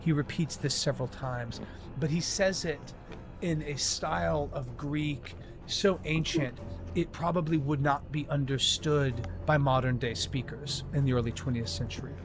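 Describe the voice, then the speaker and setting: A man narrating a tabletop horror game as game master, describing scenes in an unhurried way with many filler words. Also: on the high side, steady tone, over music.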